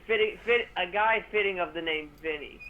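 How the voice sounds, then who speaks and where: Sarcastic co-host guy, voice a bit on the high side, rambles a lot. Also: fairly quick, phone-quality sound. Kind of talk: casual sports talk.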